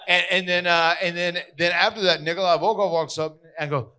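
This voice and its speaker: Male podcast host, casual storyteller, animated quoted voices, bright slightly high tone. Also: fast, few pauses, clean tone. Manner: restarts and stammers often.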